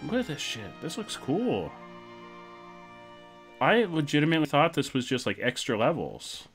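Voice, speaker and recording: A young man streaming a video game, commenting casually in an excitable, jokey way. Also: on the high side, moderate pace, faint music behind.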